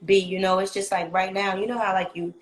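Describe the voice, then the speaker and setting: A woman guest talking casually in an interview, animated and slangy, often repeating herself. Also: medium pitch, a little fast. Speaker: guest singer. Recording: echoey room with faint ambience.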